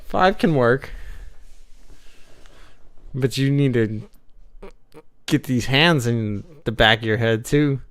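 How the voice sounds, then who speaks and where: A man giving casual live reaction commentary as a streamer, excitable and slangy, laughing often. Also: mid-range voice, slow, pauses often, smooth.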